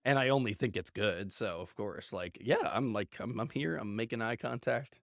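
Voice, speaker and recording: A man playing a tabletop game, asking quick, inquisitive questions about the rules. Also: on the low side, vocal fry, a bit bright, no room sound, clean studio sound. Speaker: player.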